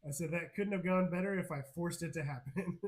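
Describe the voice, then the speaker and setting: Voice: medium pitch, normal speed, low-quality recording. A game master narrating a tabletop game on a live stream, laughing often and telling the story with energy.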